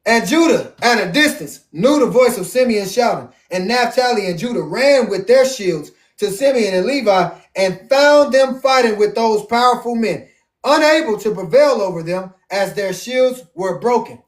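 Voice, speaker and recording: A man, teaching the Bible in a casual, animated, joking way, drawing out words for emphasis, his voice going hoarse. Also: sits high. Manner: animated, jokey, drawn-out emphasis. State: losing his voice. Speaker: preacher. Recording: echoey room, far from mic.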